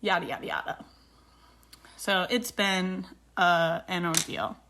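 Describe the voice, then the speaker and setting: A woman's voice: fairly low pitch, takes it slowly, pushed and bright, a little hiss or hum. A woman in her thirties, a beauty vlogger, chatting casually and retelling a dispute with indignation while doing her makeup.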